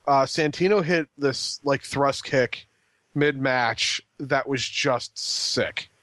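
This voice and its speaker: A man co-hosts a casual wrestling chat, rambling through recaps with plenty of ums and false starts. His voice sits a little above the usual male pitch. The recording is dry and close, with no room sound. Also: fairly even intonation, slow pace, fairly bright tone, no room sound. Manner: rambling with frequent ums and restarts. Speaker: podcast co-host.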